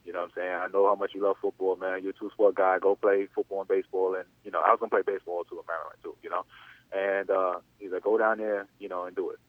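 Fast-talking man on a phone line. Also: low-pitched, flat delivery, no echo. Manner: rambling, loose, full of "you know". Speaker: interview guest, former athlete. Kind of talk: casual spoken storytelling. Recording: dry, tinny phone-line sound.

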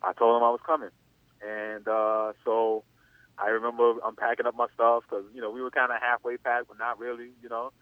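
Fast-talking man on a phone line. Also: medium pitch, monotone, no echo. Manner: rambling, loose, full of "you know". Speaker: interview guest, former athlete. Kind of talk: casual spoken storytelling. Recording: dry, tinny phone-line sound.

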